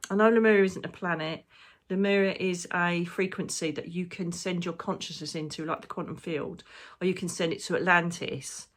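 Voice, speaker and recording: A woman's voice: fairly low pitch, steady tone, normal speed. A woman, a psychic medium, talking through her predictions in a rambling, emotional, casual way and swearing now and then. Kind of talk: casual spiritual monologue.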